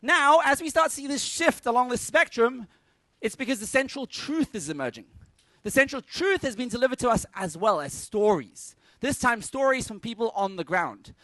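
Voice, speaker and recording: A man giving a lively conference talk to a live audience, energetic and joking with punchy asides. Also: very high voice, normal speed, no echo. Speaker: conference speaker.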